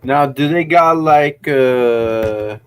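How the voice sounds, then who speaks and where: Man, podcast co-host, casual joking chat, slow pace, voice call. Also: mid-range voice, clean tone. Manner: joking, playful.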